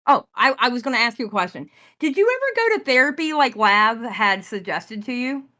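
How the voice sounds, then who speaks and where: Bright-voiced woman asking blunt questions. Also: on the high side, sing-song, a little fast. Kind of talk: casual chat.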